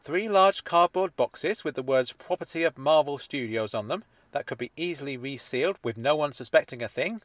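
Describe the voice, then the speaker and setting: A man voicing a courteous, measured man in a spoken-word story, a little formal. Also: on the high side, lively intonation, fairly bright tone, dry recording, studio quality. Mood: earnest. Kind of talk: audiobook character dialogue.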